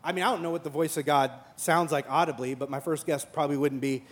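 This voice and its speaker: High-voiced man preaching with humor. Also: fairly even intonation, fast. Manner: humorous storytelling with acted-out dialogue; earnest and reflective in teaching parts. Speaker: pastor. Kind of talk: sermon.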